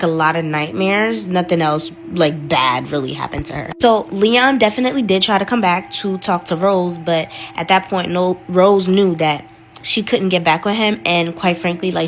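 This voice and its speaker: A woman's voice: lowish voice, a bit bright. A woman hosting her channel, telling a dramatic story in a chatty, casual way, full of "like"s.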